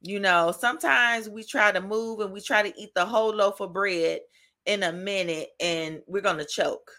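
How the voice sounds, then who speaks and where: Bright-voiced chatty woman podcast host. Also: mid-range voice, normal speed. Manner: chatty, encouraging, laughs often, keeps asking "right?". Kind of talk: casual devotional talk.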